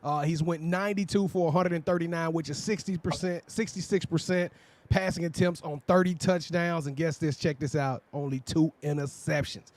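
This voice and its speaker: A man from Texas co-hosting a sports talk show, hyping up local athletes in a casual, energetic way. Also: fairly high pitch, normal speed. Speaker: sports podcast co-host. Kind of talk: casual chat.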